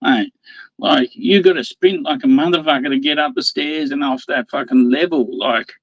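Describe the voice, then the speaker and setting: A man's voice: medium pitch, normal speed, no echo, muffled recording. A man in casual chat, a rambling storyteller who swears a lot and laughs often.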